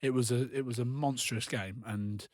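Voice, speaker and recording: A man with a medium-pitched voice breaks down rugby action with lively, animated energy, like a former player chatting on a podcast. The sound is dry and close, with no room echo. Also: moderate pace. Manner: animated, talks through match action. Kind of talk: casual podcast chat.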